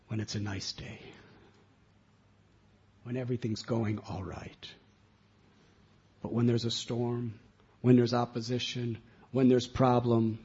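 A man preaching a sermon in an animated storytelling way, on a muffled lo-fi recording. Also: medium pitch, slightly rough. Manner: animated storytelling with sound effects.

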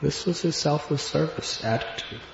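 A man telling a devotional story in an earnest, reflective way, laughing gently at times. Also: fairly high pitch, normal speed, creaky. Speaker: spiritual speaker. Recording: dull lo-fi recording in an echoey hall with long reverb.

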